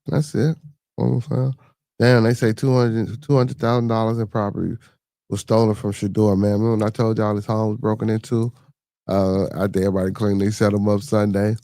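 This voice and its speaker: A man's voice: fairly low pitch, flat delivery, a little fast, dark tone, dry recording. A man hosting a casual podcast live stream, reading the chat and answering viewers in loose slang. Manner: laid-back, talks back to chatters with loose slang.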